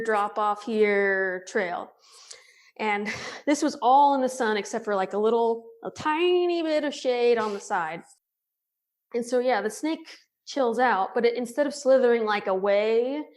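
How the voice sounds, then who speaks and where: A woman guest on a podcast, telling a story casually with lots of laughter and filler words. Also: a little high. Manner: animated, laughs often, many "like" fillers. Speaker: podcast guest, thru-hiker.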